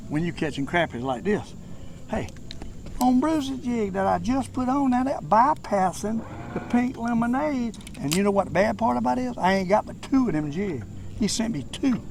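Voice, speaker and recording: An older man with a Southern drawl talks on a boat in the open air, with steady outdoor noise clear behind him. His voice sits a bit high for a man, and he rambles in a folksy, chatty way, breaking into excited cries. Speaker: fishing vlogger. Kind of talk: casual talk to camera while fishing. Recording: outdoor background noise on a lake.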